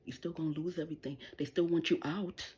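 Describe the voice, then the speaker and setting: A woman's voice: low-pitched, steady tone, quick pace, warm tone. A middle-aged woman hosting a livestream, delivering an angry, profane, taunting rant straight at the people she is addressing. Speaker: livestream host.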